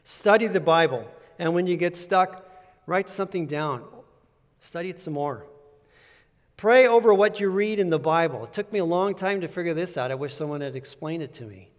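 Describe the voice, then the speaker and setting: Man, pastor, sermon, earnest conversational preaching, emphatic repetition, fairly high voice, long hall reverb. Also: expressive, moderate pace.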